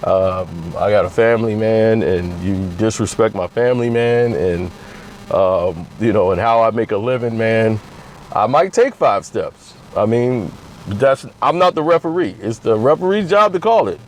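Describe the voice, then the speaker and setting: A man puts on a much deeper voice for an aggrieved star athlete who speaks slowly and haltingly, full of ums. The tone is low and heavy. It is a comic impression recorded outdoors, with faint street and traffic noise behind. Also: expressive, close to an everyday voice, rough recording.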